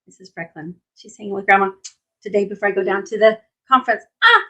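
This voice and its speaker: A woman's voice: medium pitch, fast, bright, forceful tone, rough recording. Middle-aged woman, hypnotherapist, chatty storyteller, casual livestream from home. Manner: chatty, tells stories, asks "right?". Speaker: hypnotherapist and nutrition coach. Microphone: phone or webcam.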